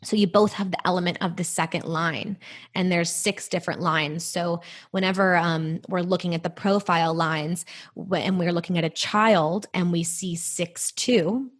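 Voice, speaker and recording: A woman's voice: fairly low pitch, fairly even intonation, moderate pace. A woman who reads Human Design charts, explaining them patiently in a podcast interview, with filler words.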